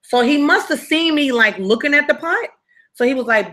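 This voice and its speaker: A woman's voice: high-pitched, lively intonation, moderate pace, bright, forceful tone. A young woman telling a dramatic story from her past to her viewers in a casual, conversational way, often checking in with "right?" and "you feel me". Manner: dramatic and conversational, with frequent tag questions to the viewer. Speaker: storytime vlogger.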